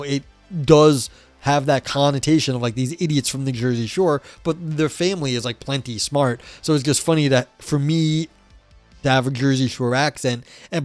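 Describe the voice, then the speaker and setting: A man's voice: medium pitch, no echo. A man from New York talks in a loose, rambling livestream chat, swearing and restarting his sentences often. He sits close to a dry mic, and faint music plays behind him. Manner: rambling, profane, many fillers and restarts. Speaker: livestream host reading a book. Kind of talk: casual livestream chat and reading aloud.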